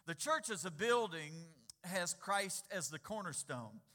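A man's voice: high-pitched, very animated. A man preaching a sermon as pastor, getting the congregation to answer back and repeating key words. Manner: quiet and slow in prayer, louder and rising when exhorting.

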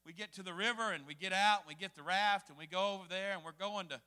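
A man preaching a sermon as a pastor, telling a story in an animated way and acting out voices. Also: high voice, quick pace, smooth, in a large hall. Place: church hall.

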